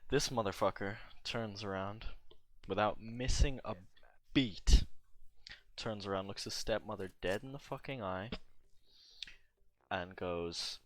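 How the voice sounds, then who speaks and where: A man's voice: lowish voice, takes it slowly, long pauses, fairly bright tone, no room sound. A young man and gaming streamer telling a rambling, profane story in a casual, laid-back way while he plays.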